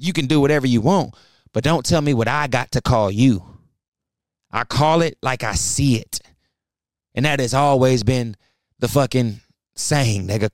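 A young male podcast host rants alone into the mic, blunt and profane, heated and preachy, clearly fired up. His voice sits at a medium pitch, and the clean studio recording has no echo.

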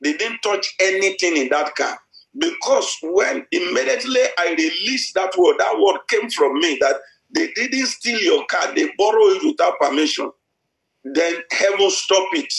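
A man's voice: high voice, lively intonation, moderate pace, vocal fry, fairly bright tone. A middle-aged man preaching a sermon, repeating himself with many hesitant restarts. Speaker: pastor. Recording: echoey church hall.

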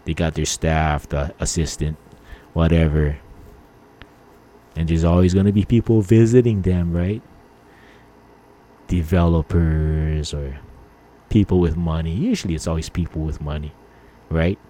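Mellow fifties guy just shooting the breeze, loose and rambly, says man a lot. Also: a bass voice, a little slow, pauses often. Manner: laid-back, rambling, mild swearing, lots of "man" and "you know". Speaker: podcast host. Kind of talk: casual rambling chat.

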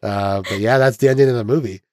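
A man's voice: medium pitch, quick pace, darkish tone, no echo. A young man hosts a podcast and walks through a film's plot in a loose, chatty way. He slips into mock voices and laughs as he goes. His voice sounds dry and close to the mic. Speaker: podcast host. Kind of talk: casual film recap chat.

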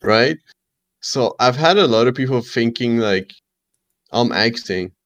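A man's voice: mid-range voice, animated, a little slow, fairly bright tone. A man talking casually as a guest on a streamer podcast, laid-back and loose, often saying "bro". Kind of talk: casual chat.

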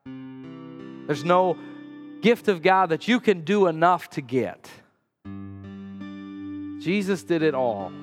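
High-voiced animated male pastor preaching. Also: takes it slowly, pauses often, long reverb tail, soft background music. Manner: animated storytelling, acts out quotes with sudden high outbursts. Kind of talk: sermon. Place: church sanctuary.

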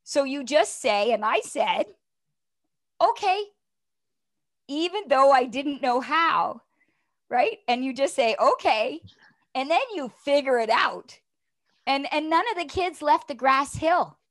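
A middle-aged woman telling personal stories as an interview guest, earnest and animated, often asking "right?". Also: high-pitched, unhurried, no echo, clean studio sound. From Canada. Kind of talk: conversational storytelling interview.

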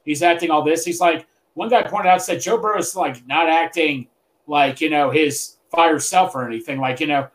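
A man's voice: on the high side, moderate pace. A man co-hosting a sports podcast, reading out news with hesitant fillers. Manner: hesitant, reads out news and posts. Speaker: podcast co-host. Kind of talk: casual sports podcast chat. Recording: echoey room.

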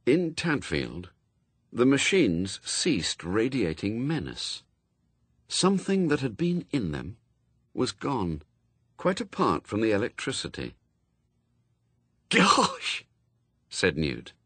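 Man narrating with very lively pitch. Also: slow pace, slightly rough, no echo. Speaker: audiobook narrator. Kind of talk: scripted narration.

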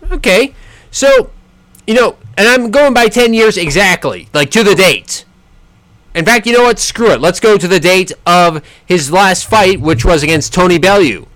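A man riffs on boxing in a casual solo commentary, full of sarcasm and quick restarts. His fairly high voice swings widely in pitch as he talks. The recording is close and dry, with no room sound. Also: no room sound. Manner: sarcastic, animated, with frequent restarts.

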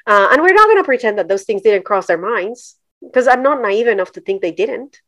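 A woman's voice: a little high, sing-song, a little fast, fairly bright tone, dry recording. A middle-aged woman from Colombia, a podcast guest telling her story candidly. She talks directly and emphatically, slipping into voices of the people she quotes.

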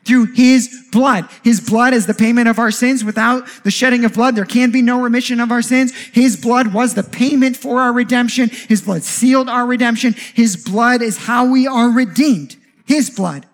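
A man preaching a sermon as pastor, animated, with jokey asides and rhetorical questions. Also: very high voice, moderate pace, hardly any pauses.

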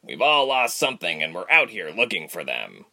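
A man voicing a kind, calm young traveler who speaks simply in a storybook. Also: sits low, moderate pace, exaggerated voice.

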